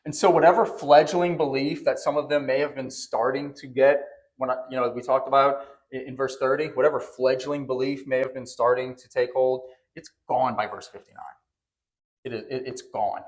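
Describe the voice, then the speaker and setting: A man preaching from a church pulpit, his voice sitting at an ordinary middle pitch. He talks to the congregation in a conversational way, then presses each point by repeating it for emphasis. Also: fairly even intonation, moderate pace. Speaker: pastor. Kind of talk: sermon. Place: church sanctuary.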